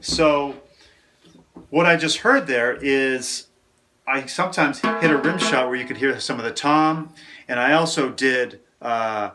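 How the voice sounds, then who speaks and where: A man's voice: medium pitch, a little slow, soft background music. A man teaching a casual drum lesson in a practice room, counting rhythms aloud and vocalizing the beat. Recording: loud drum kit playing behind.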